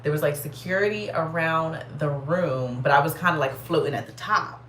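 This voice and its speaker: A woman vlogger telling a story in a casual, animated way, swearing and saying "like" constantly. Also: low voice, moderate pace, reverberant, slight background noise. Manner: animated, profane, heavy filler "like".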